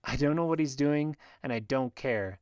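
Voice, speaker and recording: A man narrating a first-person fantasy audiobook in a steady, measured reading, recorded close on a studio mic. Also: mid-range voice, clear, resonant tone, dry recording.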